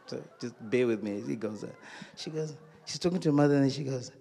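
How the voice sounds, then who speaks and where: A man with a South African accent doing live stand-up comedy on stage, telling stories in an animated, exclamatory way. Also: mid-range voice, fast talker, gravelly. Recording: long hall reverb.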